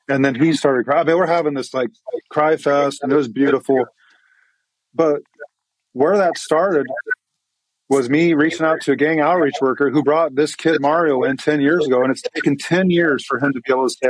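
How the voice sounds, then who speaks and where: A man's voice: fairly high pitch, fairly even intonation, moderate pace, no room sound, rough recording. A man, a pastor, tells an emotional story in a podcast interview with an earnest manner and many restarts.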